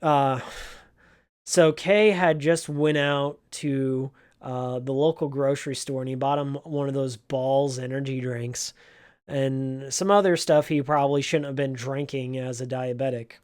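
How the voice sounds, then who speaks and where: In a casual vlog, a former game store clerk slowly and earnestly retells an emotional story from his old job. His medium-pitched voice is smooth and darkish, with fairly even intonation, and the telling feels heartfelt.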